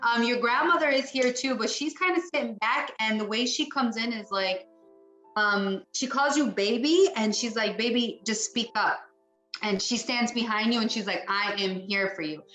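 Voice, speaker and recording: A woman's voice: on the high side, moderate pace, fairly bright tone, soft background music. A woman giving a psychic mediumship reading, talking in a chatty, rambling way and acting out what the spirits say. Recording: echoey room.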